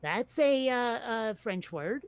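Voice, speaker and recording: A woman's voice: fairly high pitch, expressive, slow, a crowd in the background. A woman co-hosting a casual chat, blunt and profane, laughing often. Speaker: podcast co-host.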